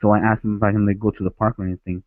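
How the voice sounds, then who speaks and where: Calling in on a headset, this Ecuadorian man tells a childhood tale in a rambling way, starting over many times. He speaks rapid-fire in a flat, lowish voice, and the line sounds dry and tinny like a phone, with no room sound.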